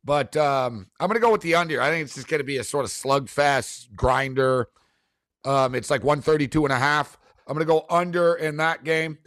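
A man's voice: on the high side, normal speed, a bit bright, dry recording, clean studio sound. A man hosting a casual sports betting show, giving his picks in a rambling way with fillers and restarts.

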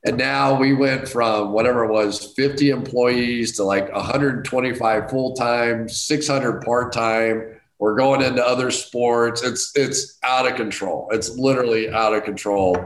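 A middle-aged man telling a casual anecdote as a guest, self-deprecating and animated, jumping to high excited outbursts. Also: measured pace. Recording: roomy echo.

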